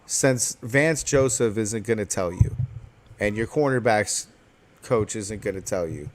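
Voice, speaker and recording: A man hosting a sports podcast, loud and profane, ranting in casual chat. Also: on the low side.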